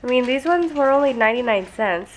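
A woman's voice: sits high, lively intonation, quick pace, slight background noise. A young woman chatting casually at home in a vlog, easygoing and chatty, talking to her babies now and then. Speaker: mother vlogger.

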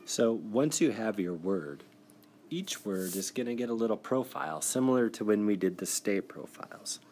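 A man with a very low voice walks young students through a spelling exercise on a screencast. His delivery is encouraging and methodical. A faint hiss sits under the recording. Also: expressive, moderate pace, a little mellow. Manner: encouraging, explains step by step. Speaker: teacher. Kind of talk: classroom screencast lesson. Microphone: device mic for screen recording.

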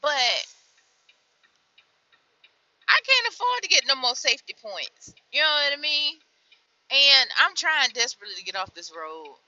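A young woman truck driver venting from her cab in a vlog, weary and frustrated, dropping to tired mutters and then flaring up loud. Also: high-pitched, very animated, a little slow, pauses often, dry recording, dull audio.

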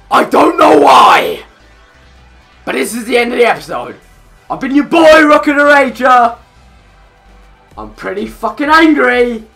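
A young man with a very high, bright voice, worn hoarse and gravelly from shouting, commentates a football video game. He swings wildly up and down in pitch, cursing and yelling at his players, though his talk drags slowly between outbursts. Faint game music plays behind him. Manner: loud, excitable, swears constantly, yells at the game. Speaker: gamer and channel host. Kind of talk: let's play commentary.

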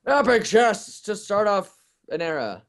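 A man chats with a friend while they play a game online, his voice a touch higher than most men's. He rambles, trails into asides and fills pauses with ums and okays. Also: very animated, a bit bright. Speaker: gaming YouTuber. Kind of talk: casual gameplay chat.

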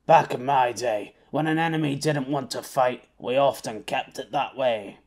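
A grumpy, gravel-throated old soldier of fortune, voiced by a man reading an audiobook. He talks bluntly and wearily, like someone who has seen too much fighting. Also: mid-range voice, normal speed, close to an everyday voice. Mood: weary. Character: gruff old male mercenary, gravelly. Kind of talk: audiobook character voice.

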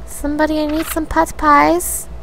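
A young woman streaming a survival game, chatting to herself with lots of fillers, slipping into high panicked pleading at times. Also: monotone, moderate pace, gravelly, heavy background noise. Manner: chatty, filler-heavy, talks to herself while exploring; panicked high-pitched pleading when attacked. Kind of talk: casual live-stream commentary.

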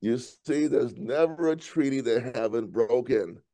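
A man in casual political chat, animated, often repeating words and breaking into laughter. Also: medium pitch, measured pace.

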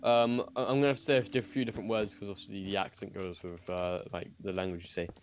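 A man's voice: fairly low pitch, steady tone, fast, over music. A man playing a game with a friend, teasing him with dry jokes in casual banter. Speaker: guest co-player.

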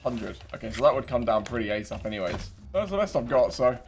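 A man's voice: mid-range voice, big pitch swings, quick pace, soft background music. A British man running casual gameplay commentary, laughing and swearing as he banters with other players. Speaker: game streamer.

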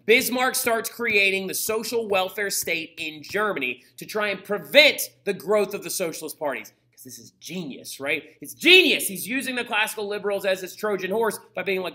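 Young guy, history teacher. High, very bright voice. Casual, jokey, keeps asking "right?". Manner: animated, joking, full of "right?" and quick put-on voices. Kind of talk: casual flipped-classroom lecture.

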